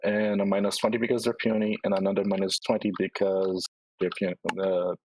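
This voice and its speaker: A man's voice: fairly low pitch, level tone, fairly quick, noisy background. A man playing a tabletop game, checking the rules with questions. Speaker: player. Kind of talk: casual tabletop game chat.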